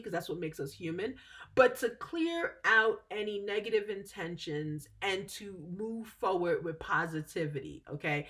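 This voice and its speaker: A woman's voice: on the low side, sharp tone. A woman giving a casual, talkative explanation as a spiritual teacher, often checking in with "okay?" and correcting herself as she goes. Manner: chatty, frequent "okay?" check-ins, self-correcting.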